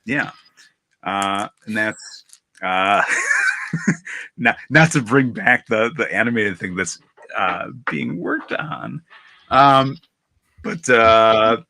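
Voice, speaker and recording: A man's voice: fairly low pitch, expressive, drawn-out words, gravelly, long pauses, sharp tone. A man in a casual toy chat, rambling and thinking aloud with many restarts. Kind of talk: casual chat while opening toys.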